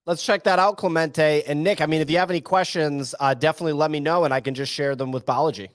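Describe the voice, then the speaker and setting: A man's voice: a little high, steady tone, fast talker, no room sound. A man hosting a casual podcast, reading news items in an upbeat, teasing way. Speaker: podcast host.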